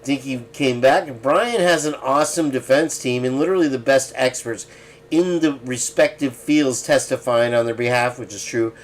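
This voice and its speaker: A man hosts a casual live stream, reading viewer comments aloud at a mid pitch. He breaks in with sarcastic asides and chuckles often between the quotes. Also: normal speed. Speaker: livestream host.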